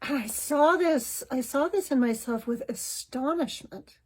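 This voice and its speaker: A woman with a somewhat high, husky voice tells a personal story from her own family life. She speaks candidly and reflectively, examining her own reactions, and clears her throat now and then. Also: a little slow, poor audio. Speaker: podcast host.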